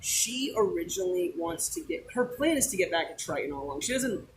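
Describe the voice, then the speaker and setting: Young guy gushing about stuff, rambly and excited, outdoors. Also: high voice, a little fast, a little hiss or hum, low-quality recording. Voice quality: enthusiastic, rambling. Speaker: guest, Disney fan. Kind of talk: casual chat. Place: outdoors at a theme park.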